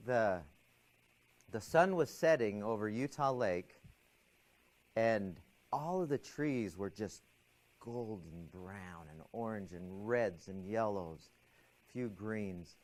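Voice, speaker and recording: A middle-aged man teaching a stress management class, telling a personal story in an animated, expressive way with frequent restarts. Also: lowish voice, takes it slowly.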